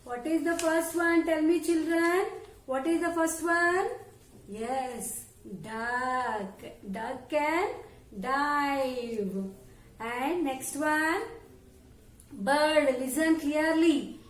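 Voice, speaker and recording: A high-voiced woman with an Indian English accent teaches young children in a slow, exaggerated, sing-song storytelling way. Her voice rings in an echoey room. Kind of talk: online class lesson for young children.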